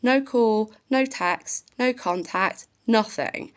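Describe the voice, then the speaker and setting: Woman, irate storyteller, swears a lot, reads out a complaint letter, slightly high voice. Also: slow. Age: adult parent. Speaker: vlogger. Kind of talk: casual storytelling rant.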